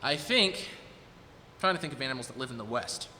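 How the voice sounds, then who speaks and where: A young man in his twenties talks casually to an audience from the stage, thinking aloud and hesitating as he goes. His voice is bright and forward. It rings with the long reverb of a recital hall, over a faint hiss of noise. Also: medium pitch, expressive, normal speed. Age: 20s. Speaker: recital performer talking to the audience.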